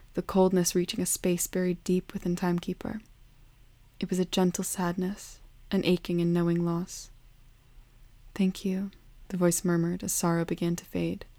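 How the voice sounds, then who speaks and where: Calm woman storyteller, low even delivery, dry close sound. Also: dry recording. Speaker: narrator. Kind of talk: storybook narration.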